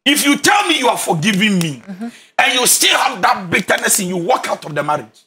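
Animated Ghanaian counselor man with a bright voice. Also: sits high, brisk, slight background noise. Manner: emphatic, preacher-like, repeats key phrases. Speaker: relationship counselor.

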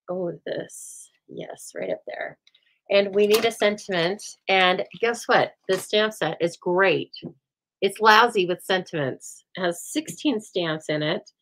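A woman hosting a live stamping show from home, chatting and telling stories in an animated, rambling way. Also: medium pitch, rough recording. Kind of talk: chatty live crafting demo. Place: home craft room.

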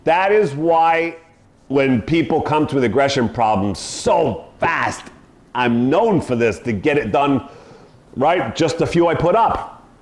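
A man's voice: mid-range voice, animated, slow pace, reverberant, slight background noise. A middle-aged man, a dog trainer, talking emphatically and acting out owners' commands, often asking "right?". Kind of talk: animated monologue.

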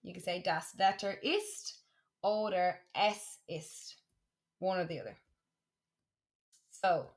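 A woman teaching a German lesson, saying words slowly and clearly and repeating them for practice. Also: on the low side. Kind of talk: classroom lesson for students.

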